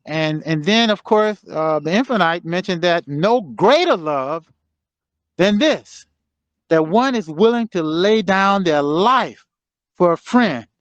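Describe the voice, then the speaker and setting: A man's voice: sits high, animated, no room sound. Fervent older man on a muffled call. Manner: halting, with many fillers, building to fervent emphasis. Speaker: guest speaker. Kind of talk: motivational exhortation over a call. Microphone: remote call connection.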